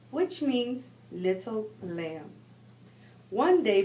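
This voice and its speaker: Slow, expressive woman reading a story. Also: mid-range voice, a little hiss or hum. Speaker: guest reader. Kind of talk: reading a picture book aloud.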